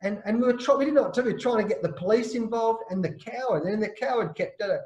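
Guest: emphatic man from Australia, high-pitched, recorded in a roomy space, colourful anecdotes. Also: quick pace, muffled recording. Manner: lively, emphatic storyteller, slangy. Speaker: guest, former cricketer. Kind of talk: animated anecdote telling. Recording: roomy echo.

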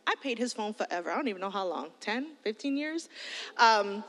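Woman pastor, middle-aged, higher bright voice, lively sermon storytelling, long hall echo. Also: fairly quick. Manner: animated storytelling, bursts into shouted quotes. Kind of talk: sermon to youth.

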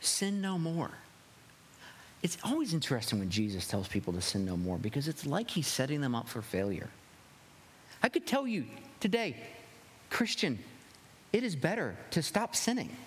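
A male pastor giving a conversational sermon with animated, wry asides. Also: mid-range voice, normal speed, slight background noise. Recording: long hall reverb.

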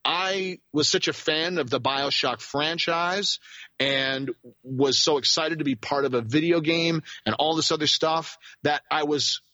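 Man, voice actor guest, rambling animated storyteller, bright forceful tone, dry close sound. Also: a little high, measured pace, no echo, muffled recording. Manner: rambling, animated anecdote-telling with restarts. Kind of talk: casual storytelling interview.

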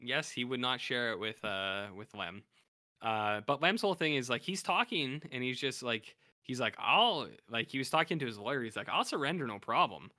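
A man's voice: mid-range voice, lively intonation, normal speed, bright, forceful tone, dry recording, studio quality. A man co-hosting a podcast in casual chat, animatedly retelling episodes and acting out what characters say. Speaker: podcast co-host.

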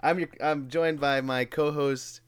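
A man's voice: fairly high pitch, steady tone, measured pace, clean tone, dry recording, clean studio sound. Laid-back swearing young man. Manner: laid-back, swears freely, laughs often. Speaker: podcast host. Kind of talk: casual chat. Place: warm home room.

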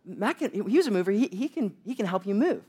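A woman's voice: mid-range voice, expressive, quick pace, dark tone, slightly rough, voice pushed up. A man voicing his sweet wife as she eagerly volunteers him to help. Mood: insistent. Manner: sweet, insistent.

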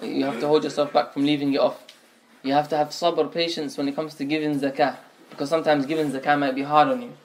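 A man's voice: a little high, little pitch movement, fast talker. A man teaching a religious lesson, explaining points step by step, often restating phrases and mixing in Arabic terms. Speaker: Islamic teacher.

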